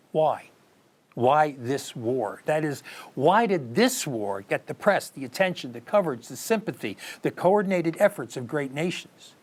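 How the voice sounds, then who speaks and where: Man, news commentary host, scripted opinion, earnest, rhetorical questions, middle-aged, average pitch. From United States.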